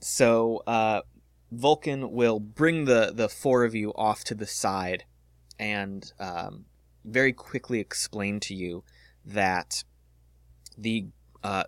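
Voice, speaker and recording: A man's voice: on the low side, no room sound, clean studio sound. A man narrating a tabletop role-playing session as game master, with plenty of ums and uhs. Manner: relaxed, filler-heavy narration.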